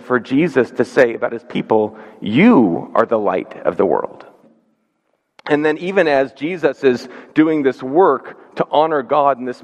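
A man preaching a sermon as pastor, earnest and measured, slowing down to stress key words. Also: mid-range voice. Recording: dull sound with long hall reverb.

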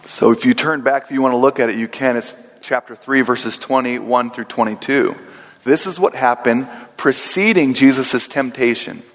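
A male pastor delivers a sermon in a church sanctuary, his voice carrying a long reverb through the hall. He speaks earnestly at a middle pitch and slows down to repeat his key lines. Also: a bit bright.

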